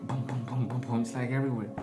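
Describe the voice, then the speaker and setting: A man's voice: medium pitch, flat delivery, quick pace. A man giving a casual, rambling spiritual talk, slangy and often laughing at his own jokes. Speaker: spiritual vlogger. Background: background music.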